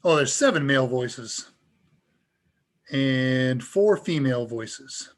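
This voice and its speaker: A man hosting a live tech Q&A, talking casually and chuckling as he demonstrates software. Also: mid-range voice, expressive, slow pace. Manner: casual and upbeat, chuckles often. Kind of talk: live demo talk.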